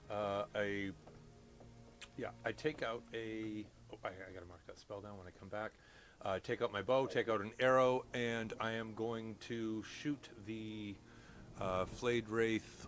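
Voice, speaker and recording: Low, bright-voiced man playing a tabletop game. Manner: animated, swears while describing his moves. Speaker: player.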